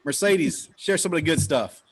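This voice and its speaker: A man hosts a company team call over video, his voice sitting a bit on the higher side. He talks with steady energy, cheering people on and calling out their names. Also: normal speed, husky. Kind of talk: upbeat motivational team call.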